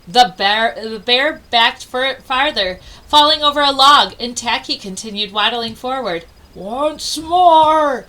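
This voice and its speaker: A woman reading a children's storybook aloud with expressive delivery and dramatic pauses. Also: fairly high pitch, low-quality recording. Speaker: storybook reader.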